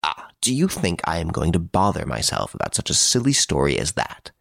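A man voicing a gruff, impatient middle-aged detective who speaks curtly and gives orders in an audiobook. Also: deep voice, huge pitch swings, brisk, a bit bright, no room sound, clean studio sound, heavily acted. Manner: curt, brusque, commanding. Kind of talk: audiobook character voice.

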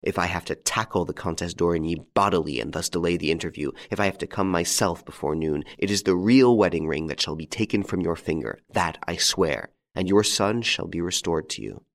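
A man reading a storybook voices a bold gentleman rescuer who speaks firmly and persuasively, giving his word. His voice is low and steady, brisk with few pauses, and the mood is insistent.

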